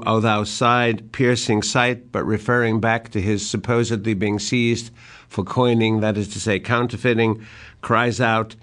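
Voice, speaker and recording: An older man giving a literature lecture, speaking slowly and deliberately and reciting verse lines with emphasis. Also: on the low side.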